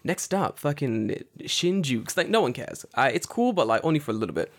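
Animated, swearing man telling a story. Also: medium pitch, brisk. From United Kingdom. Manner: animated, profane storytelling with acted-out voices. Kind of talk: casual chat.

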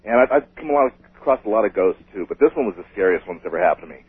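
A man calling in to a radio show, telling a ghost story in an excitable, rambling way. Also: lowish voice, very fast, breathy edge, no room sound. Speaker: caller. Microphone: telephone. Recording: tinny phone line.

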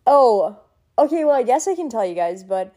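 Young woman rambling to her vlog camera, soft mellow voice, lots of likes and ums, sentimental. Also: on the high side, sing-song, normal speed. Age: young adult. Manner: chatty and sentimental, full of fillers. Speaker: vlogger. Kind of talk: casual chat.

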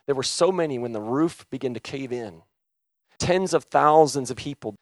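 A man preaching a sermon with passion, swinging from loud urgent calls to hushed, quiet retelling. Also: mid-range voice, moderate pace, dry recording, clean studio sound. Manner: impassioned, swings from shouting to hushed.

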